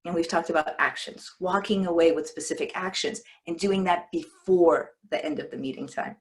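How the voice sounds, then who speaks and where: A woman's voice: on the low side, normal speed. A woman coach giving a live webinar from her desk over a computer mic, talking in a conversational way and often breaking off to restart a word. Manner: conversational, breaks off and restarts words, acts out example lines. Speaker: leadership coach presenting a webinar. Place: at a desk, home or office.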